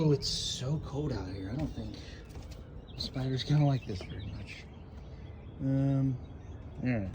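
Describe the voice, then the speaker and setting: A man's voice: mid-range voice, animated, a little slow, long pauses, noisy background. A man hosting his first casual solo podcast, chatty and self-deprecating, rambling as he goes. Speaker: podcast host.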